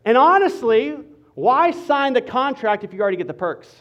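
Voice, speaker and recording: A man preaching as a pastor, playful and animated, joking with the congregation between serious points. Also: very high-pitched, moderate pace, lo-fi sound. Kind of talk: sermon with humor.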